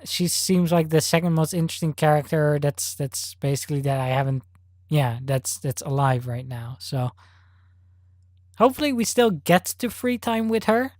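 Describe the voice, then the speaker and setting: A woman hosting a let's play, thinking aloud in casual gameplay commentary with halting restarts. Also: low-pitched, lively intonation, a little mellow, dry recording, studio quality.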